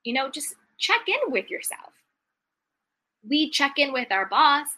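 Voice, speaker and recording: A woman's voice: high voice, very animated, unhurried, sharp tone. A woman giving a motivational self-help talk, speaking straight to her listeners in an encouraging tone and often repeating key phrases.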